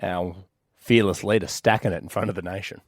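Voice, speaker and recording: A man's voice: low-pitched, steady tone, brisk, no echo. An Australian man co-hosting a radio podcast, joking around in casual studio banter and bursting into off-key singing. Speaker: radio co-host.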